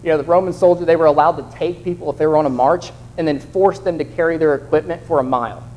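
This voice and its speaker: A man's voice: a little high, quick pace, a little mellow, low-quality recording. A young man preaching a sermon in a conversational way, acting out the voices of the people in his examples. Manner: conversational, acts out quoted voices.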